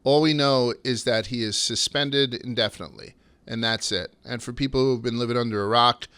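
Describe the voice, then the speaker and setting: A man with a bright, forceful voice hosts a laid-back podcast and spins stories with plenty of swearing. His delivery is clean and crisp, recorded close and dry with no room sound. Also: medium pitch, fairly quick, no echo. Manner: loose and swearing, storytelling. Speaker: podcast host. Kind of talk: casual podcast chat.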